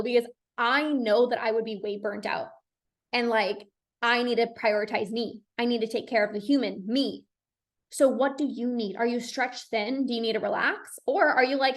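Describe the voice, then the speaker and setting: A young woman hosts her own podcast as a binge eating coach. She talks in a loose, chatty way and fills her sentences with "like". Her voice sits a bit high, and her tone is reassuring. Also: moderate pace. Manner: chatty, says "like" a lot, reassuring. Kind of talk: solo podcast talk.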